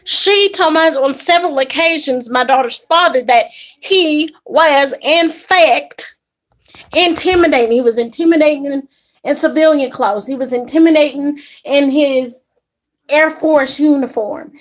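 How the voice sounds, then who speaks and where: A young woman casually telling an indignant story to camera, animated and quick to act out what others said. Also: high-pitched. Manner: animated, indignant retelling with acted quotes. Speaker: vlogger.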